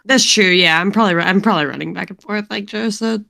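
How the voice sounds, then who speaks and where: A woman playing a tabletop game, thinking aloud and asking quick questions. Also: medium pitch, vocal fry, sharp tone. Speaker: player.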